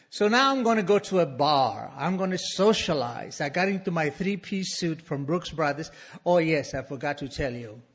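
A middle-aged man with an Argentine Spanish accent tells a story to a live audience, animated and self-mocking. His voice sits fairly high for a man and is husky. He is heard through a stage microphone.

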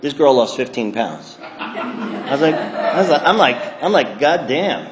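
A man's voice: medium pitch, very animated, a little slow, echoey room, heavy background noise. A man telling a self-mocking story about his drinking to an audience, acting out his own thoughts. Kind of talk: comic storytelling talk to an audience.

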